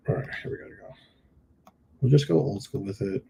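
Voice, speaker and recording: Quick-paced and creaky, this middle-aged man has a fairly low, warm voice, and there's slight background noise. Reviewing product listings live on a shared screen, he jokes playfully and talks through his thoughts as he edits images.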